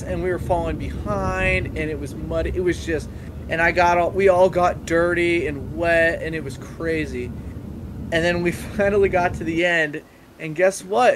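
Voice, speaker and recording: A man's voice: a little high, a little slow, noisy background. A young man as a podcast guest, telling travel stories in a rambling, casual way full of fillers. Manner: rambling, filler-heavy storytelling. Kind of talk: casual chat.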